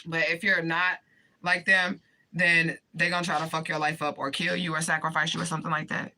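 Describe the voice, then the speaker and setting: A woman's voice: sits low, little pitch movement, fairly quick, bright, forceful tone, poor audio. A woman in a direct-to-camera vlog rant, swearing often and pleading with emphatic repetition. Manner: impassioned, pleading. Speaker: vlogger addressing viewers.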